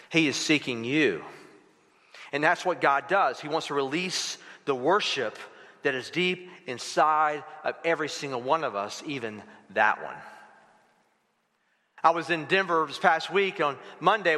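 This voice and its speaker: A middle-aged male pastor giving a sermon, telling stories in an animated way and acting out the dialogue. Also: a little high. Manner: storytelling, animated, acts out dialogue. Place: church sanctuary. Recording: long hall reverb.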